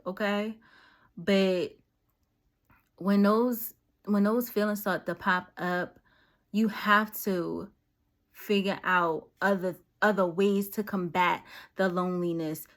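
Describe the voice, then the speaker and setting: A woman giving casual, slangy encouragement straight to her viewers, talking directly like a friend with a message. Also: on the low side. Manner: conversational, slangy, direct and preachy. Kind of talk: casual motivational talk to camera.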